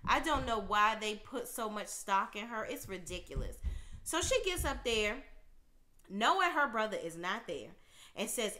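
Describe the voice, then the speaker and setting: A woman giving an opinionated reality TV recap, ranting in a sassy, outspoken, animated way. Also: on the high side, moderate pace. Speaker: TV recap commentator.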